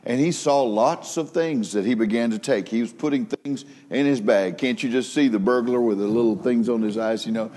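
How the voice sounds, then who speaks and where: A man's voice: medium pitch, moderate pace, few pauses, mellow. A male pastor preaching a sermon, telling folksy stories and rising into emphatic preaching. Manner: folksy storytelling with a preaching rise; laughs at his own joke.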